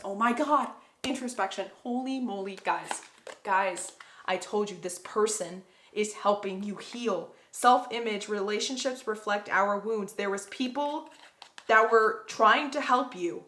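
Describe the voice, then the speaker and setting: A woman's voice: mid-range voice, a little slow, fairly bright tone. Gushing woman giving a tarot reading. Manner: gushing, emotional, addresses viewers as guys. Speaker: tarot card reader. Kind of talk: pick-a-card tarot reading.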